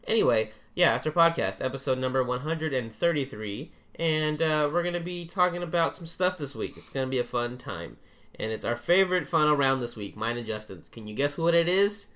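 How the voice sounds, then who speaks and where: A man's voice: medium pitch, expressive, a little fast, a bit bright. Laid-back man joking through a podcast. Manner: joking, laughs often, loose and rambling. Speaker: podcast co-host. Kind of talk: casual chat.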